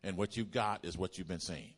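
A pastor preaching a sermon to his congregation, asking them to repeat lines back and building up to loud exclamations. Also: low voice, brisk, breathy edge. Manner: call-and-response preaching, builds to shouts. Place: church.

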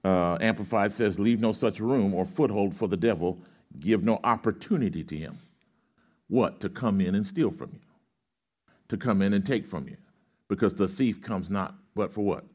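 A man with a low, steady voice preaching to his congregation. He reads scripture and then works through it like a teacher. He keeps asking questions for the crowd to answer back. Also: normal speed. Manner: reads scripture aloud, explains Greek grammar. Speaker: pastor. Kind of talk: sermon with call-and-response.

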